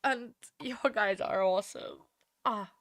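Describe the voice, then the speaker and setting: A woman's voice: mid-range voice, measured pace, a bit bright, no room sound, studio quality. A woman hosting a casual livestream chat who is emotional and tearful, laughs often and keeps thanking her viewers. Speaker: livestream host.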